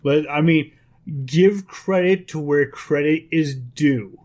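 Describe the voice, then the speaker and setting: A man's voice: on the high side, slow, darkish tone. A man co-hosting a casual gaming podcast, bluntly correcting the others. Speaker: podcast co-host. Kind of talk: casual chat.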